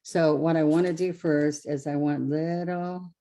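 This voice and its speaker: A woman's voice: sits low, fairly even intonation, a little slow, warm tone, slight background noise. A woman teaching a live painting class, chatty and explaining each step, often correcting herself as she goes. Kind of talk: live craft demonstration.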